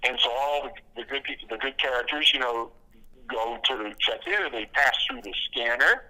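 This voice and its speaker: A man chats casually as a podcast guest, his voice bright and pushed forward. He strings stories together with plenty of fillers and false starts, chuckling at his own jokes. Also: medium pitch, normal speed, rough recording. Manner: rambling storyteller, many fillers and restarts, laughs at own jokes. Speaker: podcast guest, comic creator. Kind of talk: casual interview talk.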